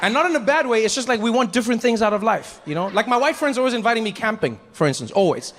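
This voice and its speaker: A man from Africa doing a stand-up comedy set, telling stories with animated asides. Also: extremely high pitch, background noise. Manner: animated storytelling, quick asides. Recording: live stage with long reverb and faint ambience.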